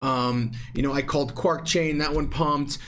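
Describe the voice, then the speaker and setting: Male livestream host, slightly high voice, chatty and filler-heavy, faint noise behind. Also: steady tone, moderate pace, fairly bright tone. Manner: chatty, reads viewer comments, nervous laughs, many fillers. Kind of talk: casual livestream chat.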